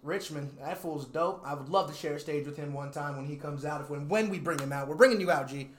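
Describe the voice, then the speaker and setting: As a guest in a casual interview, a young man who raps and shoots video talks quickly in a high-leaning voice, laid-back and profane, laughing often. The room lends the recording an echo.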